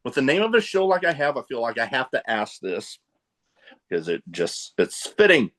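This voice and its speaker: A man's voice: medium pitch, sing-song, normal speed, a bit bright. A man hosting a podcast, asking questions in a loose, joking way and drifting into tangents. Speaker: podcast host. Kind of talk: casual interview chat.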